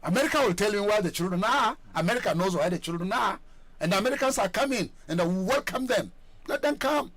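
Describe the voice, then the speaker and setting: A Nigerian man arguing forcefully on a radio talk panel, firing repeated rhetorical questions. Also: high-pitched, expressive, fast. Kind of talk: heated studio discussion.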